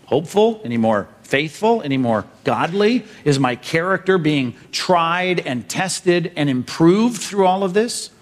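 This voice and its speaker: Middle-aged guy pastor preaching, bit higher voice, punchy, keeps asking the crowd questions. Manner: emphatic, rhetorical questions, lists points for notes. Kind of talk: sermon.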